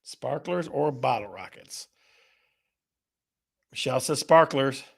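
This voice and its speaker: A man's voice: medium pitch, expressive, slow pace, vocal fry. A man hosting a casual live show, upbeat and playful, reading out viewer comments from the chat. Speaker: host of a real estate live show.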